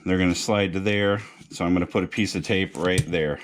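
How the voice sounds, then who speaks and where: A man's voice: deep voice, fairly even intonation, a little fast. A man narrating a guitar repair how-to in a casual, joking, slangy way. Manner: laid-back, joking, slangy. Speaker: guitar repair video host.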